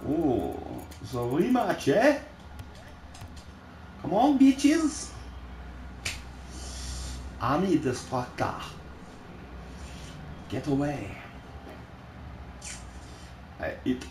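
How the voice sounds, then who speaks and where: A man swearing and shouting at opponents while playing a game with a friend. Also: mid-range voice, wildly swooping pitch, slow, long pauses. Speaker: gamer recording his play. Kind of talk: casual gaming chat with a friend. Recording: roomy sound with faint noise.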